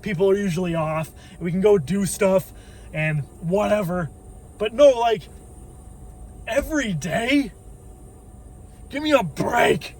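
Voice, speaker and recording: A man's voice: high-pitched, expressive, a little slow, long pauses, darkish tone. A man vlogging from his car in a waiting line, grumbling and swearing in irritated rants. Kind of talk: ranting car vlog.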